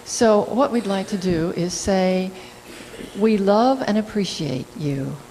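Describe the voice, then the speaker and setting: Woman doing church announcements, brisk and friendly, echoey hall, faint hum. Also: medium pitch, expressive. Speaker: service leader.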